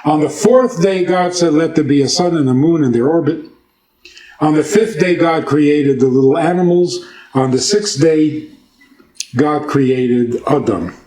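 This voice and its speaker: Male rabbi, fairly high voice, informal lecture style, quizzes the room and jokes. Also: measured pace, warm tone. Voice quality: conversational, asks the audience questions and jokes. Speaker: rabbi giving a talk.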